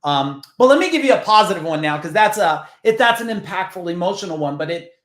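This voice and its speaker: Earnest storytelling man, slightly high voice. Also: expressive, fast talker, fairly bright tone, echoey room. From New Jersey. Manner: earnest, swears casually. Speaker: business founder guest. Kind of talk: emotional storytelling.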